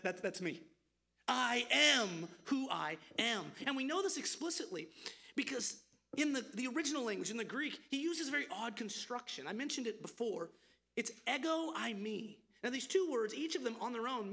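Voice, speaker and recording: A preacher delivering an expository sermon with a gravelly, fry-edged voice. The delivery is emphatic yet conversational, and words often repeat mid-thought. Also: medium pitch, a bit bright.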